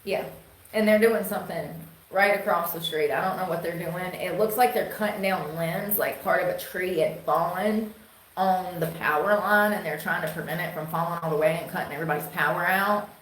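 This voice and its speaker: A woman's voice: lowish voice, a little fast, fairly bright tone. A woman from North Carolina with a Southern twang, rambling casually and bluntly to her stream viewers, swearing freely. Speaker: live streamer. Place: indoor room, rain outside. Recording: echoey room, faint noise.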